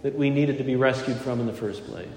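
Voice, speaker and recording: A man's voice: medium pitch, fast talker, darkish tone, slight background noise. Man preaching in an echoey hall. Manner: earnest preaching, repeating key phrases for emphasis. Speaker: pastor. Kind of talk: sermon. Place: church sanctuary.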